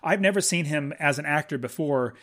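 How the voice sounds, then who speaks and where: A man's voice: fairly high pitch, fairly quick, fairly bright tone. A man chatting casually and enthusiastically about a movie as a podcast co-host, rambling with frequent restarts.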